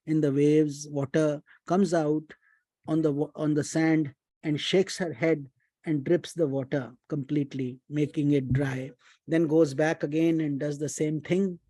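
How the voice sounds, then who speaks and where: Man, spiritual teacher, devotional storytelling, chants mantras, mellow warm tone, dry close sound. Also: fairly high pitch, no echo. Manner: unhurried, chants mantras, mixes in Hindi phrases.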